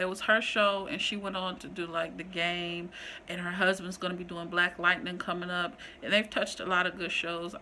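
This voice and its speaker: A woman vlogger chatting casually and rambling through a ranked list, animated and full of slang. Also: medium pitch, a little hiss or hum. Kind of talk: casual chat, ranking list.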